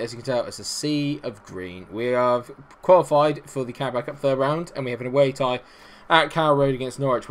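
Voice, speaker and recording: A young man giving chatty, self-mocking let's-play commentary at his home computer, breaking into high, loud bursts of glee. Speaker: gaming YouTuber.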